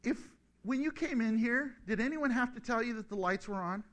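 A man's voice: very high-pitched, fairly quick. A middle-aged man preaching a sermon, joking and acting out little voices as he goes. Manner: animated, joking, acts out voices.

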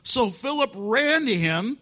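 A male pastor preaching a sermon, telling a Bible story with animated asides and laughter. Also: extremely high pitch. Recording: dull lo-fi sound.

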